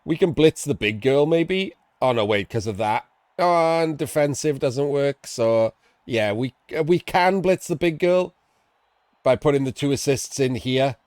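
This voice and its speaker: A man casting a live tabletop-style video game match, chatty and excitable, laughing and swearing casually as he explains the plays. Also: mid-range voice, a little slow, no room sound. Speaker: esports commentator.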